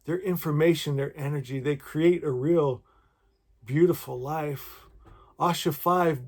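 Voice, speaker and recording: A man talking warmly to his viewers and reading devotional poems aloud in a gentle, emotional, effusive way. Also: fairly high pitch, measured pace. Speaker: spiritual vlogger. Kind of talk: heartfelt talk and poetry reading to viewers.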